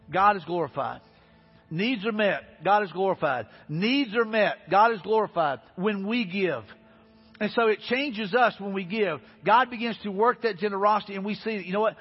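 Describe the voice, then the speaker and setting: A man preaching from the pulpit with a high, somewhat husky voice. He talks earnestly, repeating key lines and rising to emphatic peaks. The sound is dull and echoes through a large church hall, with faint music underneath. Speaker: pastor. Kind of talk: sermon. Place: church sanctuary.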